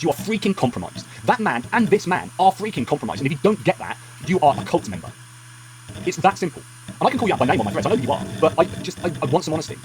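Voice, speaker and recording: Rapid, ranting angry man. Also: medium pitch, slight background noise. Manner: angry, emphatic, rapid ranting with many restarts. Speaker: political commentary vlogger. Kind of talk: heated political commentary.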